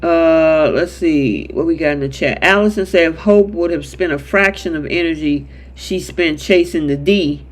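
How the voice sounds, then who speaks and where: A man's voice: on the high side, moderate pace, hardly any pauses. A man hosting a live chat show that recaps a soap opera, reading viewer comments and acting out characters' lines in quotes. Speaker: show host.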